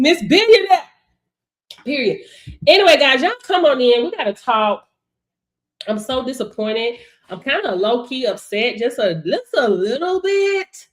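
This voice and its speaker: Black woman coach going live on her phone, fired up, says stuff twice, loud then quiet. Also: fairly high pitch. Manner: animated and emphatic, swings loud and soft, repeats phrases. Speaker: business coach. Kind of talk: casual live stream chat.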